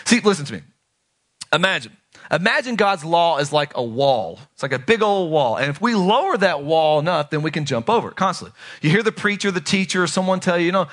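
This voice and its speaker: Man, pastor, casual animated sermon, high voice, loud-to-hushed swings. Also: a little fast.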